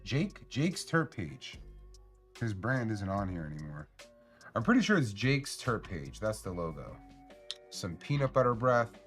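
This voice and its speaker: A man's voice: on the low side, big pitch swings, a little slow, faint music behind. A man hosting a casual live stream, talking in loose, profane, rambling slang to his chat. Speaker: cannabis stream host.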